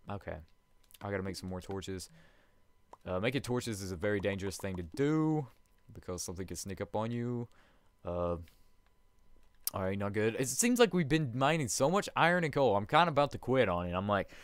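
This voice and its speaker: A man's voice: lowish voice, clean tone, dry recording. Young man, gaming commentary, chatty and rambling, resonant voice, dry close sound. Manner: chatty, rambling, talks to himself and viewers, laughs often. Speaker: let's play host.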